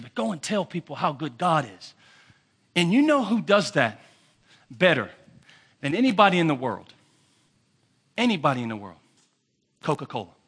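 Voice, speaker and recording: Pastor guy preaching hard, bright tense voice kinda husky, lots of repeating. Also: a little high. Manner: emphatic repetitive preaching, swinging between loud and hushed. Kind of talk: sermon.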